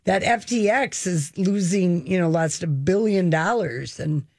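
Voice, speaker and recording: Female co-host, mid pitch, emphatic and opinionated, dry close mic. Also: unhurried, darkish tone, dry recording. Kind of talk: casual chat.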